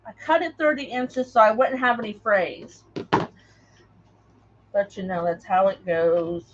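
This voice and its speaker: A woman's voice: medium pitch, measured pace, highs cut off, a little hiss or hum. A woman hosting a craft livestream, chatting in a rambling way and greeting viewers by name as she works. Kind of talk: casual live chat while crafting.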